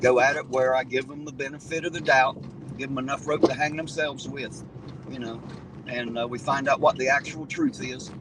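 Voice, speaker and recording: A man chats loosely on a livestream, blunt and full of curses, tripping over his own restarts. His pitch sits in an ordinary middle range. A faint hiss of noise runs underneath. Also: fairly even intonation, moderate pace. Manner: blunt, rambling, profane, with frequent restarts. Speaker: livestream host reading viewer comments. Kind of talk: casual livestream chat.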